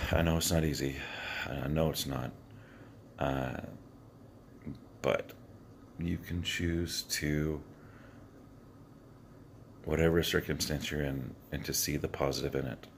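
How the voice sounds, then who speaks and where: This vlogger's voice is extremely low and thick with gravelly fry, made scratchier by the early hour and no tea or water yet. Close to his phone camera, he offers a rambling pep talk in an earnest, halting way, restarting often and leaning on fillers, with faint noise in the background.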